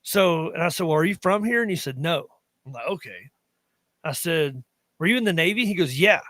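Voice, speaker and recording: This podcast co-host, a man in his thirties from western North Carolina with an Appalachian accent, tells meandering stories in casual chat and keeps cutting himself off mid-sentence. His voice is on the high side and fairly bright, animated, at normal speed. There's no echo.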